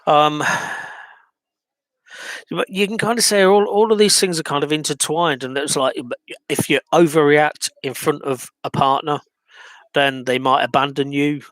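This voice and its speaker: A man's voice: on the high side, fairly even intonation, a little slow, pauses often, a bit bright, dry recording. A man talking alone about his own life, hesitant and reflective, full of ums and restarts. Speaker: vlogger. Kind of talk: personal monologue.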